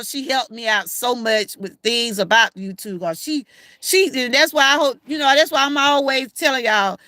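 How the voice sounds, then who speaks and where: A woman's voice: high voice, sharp tone, dry recording, clean studio sound. An older woman with a Southern Georgia accent, hosting a casual livestream and talking straight to her viewers in a folksy way. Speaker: livestream host.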